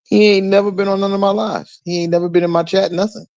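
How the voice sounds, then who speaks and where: A high-voiced man co-hosting a livestream with a Black style. He reacts in an animated way and questions the chat, and his voice sounds dry and close. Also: quick pace, dry recording, highs cut off. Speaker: livestream co-host.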